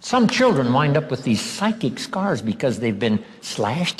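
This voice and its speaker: A man giving a motivational seminar lecture, emphatic and drawing out key words slowly. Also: mid-range voice, animated, slightly rough. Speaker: seminar speaker. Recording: long hall reverb.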